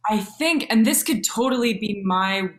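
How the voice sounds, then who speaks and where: A woman's voice: medium pitch, lively intonation, moderate pace. A woman on a talk show panel, speaking hesitantly and thinking aloud in a casual discussion.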